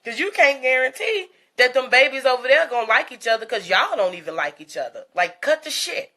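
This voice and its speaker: A woman's voice: a little high, very animated, fairly quick, hardly any pauses, bright, forceful tone. A woman host giving a blunt, profane gossip commentary rant, mocking and laughing as she talks.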